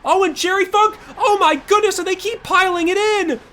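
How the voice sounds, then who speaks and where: A young man giving play-by-play commentary on a sim racing league, his voice leaping high and loud whenever a crash happens. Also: normal speed. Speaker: race commentator.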